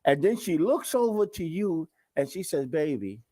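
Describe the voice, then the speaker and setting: A man's voice: high-pitched, animated, moderate pace, dark tone. A man hosting his own show, talking casually and in slang straight to his viewers. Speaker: show host. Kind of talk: casual talk-show monologue.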